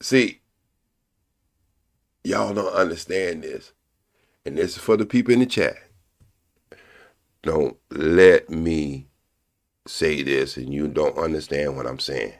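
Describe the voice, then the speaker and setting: An older man hosting a live stream, preaching bluntly and profanely, repeating his points slowly for emphasis. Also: very deep voice, creaky. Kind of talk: casual live-stream commentary.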